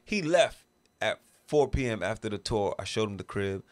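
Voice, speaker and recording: A man's voice: lowish voice, animated, normal speed. A man with a New York accent from Brooklyn, telling a long story in a podcast interview and acting out quoted voices with slang. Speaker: interview guest. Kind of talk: casual storytelling.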